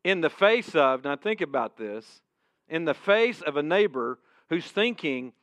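A male preacher tells a sermon story in the second person and drops to a hush at key points. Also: fairly high pitch, very animated, unhurried, no room sound. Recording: dull, dry sound.

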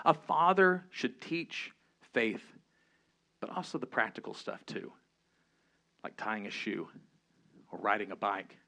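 A man preaching a sermon, earnest, switching between low emphatic points and lively storytelling. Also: moderate pace, gravelly, pauses often. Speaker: pastor.

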